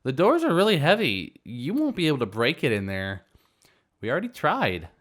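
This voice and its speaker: Male narrator doing a high, whiny drunk party girl in a story reading, loud and rude. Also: wildly swooping pitch, moderate pace, heavily acted. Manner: slurring, whiny, shrill outbursts.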